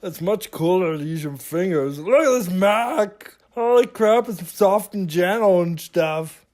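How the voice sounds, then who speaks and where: A goofy, boastful woman beauty vlogger, played by a man in a comic makeup-tutorial voice-over. She drawls at an unhurried pace, gasps at every product she picks up, and swears mildly. She also hums filler syllables while she works. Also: high-pitched, expressive, a little mellow. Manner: gasping exclamations and mild swearing. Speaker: husband narrating his wife's makeup tutorial.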